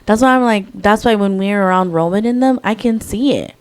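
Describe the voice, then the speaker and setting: Smooth-voiced woman, reflective storyteller. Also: medium pitch, brisk. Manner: reflective storyteller, frequent "like" fillers. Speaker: podcast co-host. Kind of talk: casual podcast conversation.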